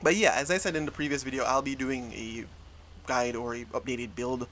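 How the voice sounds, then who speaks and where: A man's voice: medium pitch, fairly even intonation, fairly quick, fairly bright tone, a little hiss or hum. A young man, casually talking over gameplay footage and often correcting himself as he goes. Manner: casual, rambling, frequent self-corrections. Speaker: gaming YouTuber.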